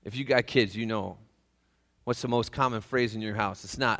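A man's voice: lowish voice, a little fast, creaky, a bit bright, big-room sound. A man preaching a casual, joking sermon to his church. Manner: folksy, joking, acts out voices. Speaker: pastor. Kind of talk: conversational sermon. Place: church sanctuary.

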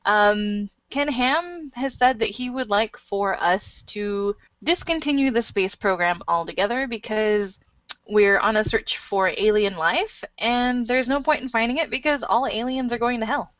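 A woman's voice: a little high, measured pace, fairly bright tone, no echo, lo-fi sound. A woman co-hosting a casual podcast, giggly and playful. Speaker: podcast co-host.

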